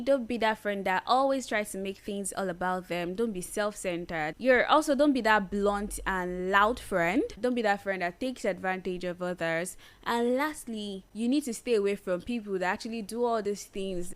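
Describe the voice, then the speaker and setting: A woman's voice: mid-range voice, normal speed, few pauses. A woman hosting a solo advice podcast, speaking earnestly and stressing her points by repeating phrases. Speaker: podcast host.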